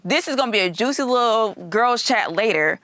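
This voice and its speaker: A woman on a dating show chatting casually in relaxed, slangy speech. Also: fairly high pitch, fairly quick, dry recording. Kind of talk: casual chat in a clip.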